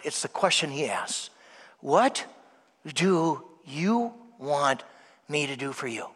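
A man delivers a Mass sermon in a high, bright voice that rings out across a large church with a long reverb. He acts out the voices in his story and swings between loud, animated stretches and hushed, near-whispered lines. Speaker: preacher at Mass.

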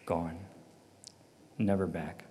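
A man giving an earnest personal faith testimony, quiet and reflective. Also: low voice, level tone, extremely slow, background noise. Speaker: testimony speaker. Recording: long hall reverb.

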